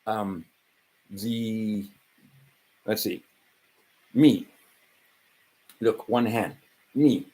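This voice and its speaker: A man's voice: on the low side, extremely slow, long pauses, mellow, low-quality recording. A man of around 60 from Hawaii, rambling through a profane vlog monologue full of fillers and asides. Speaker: vlogger.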